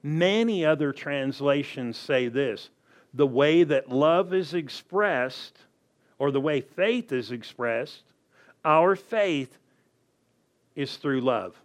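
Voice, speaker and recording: A man's voice: fairly high pitch, expressive, slow. A man preaching a sermon as pastor, reading scripture aloud and putting rhetorical questions to his congregation.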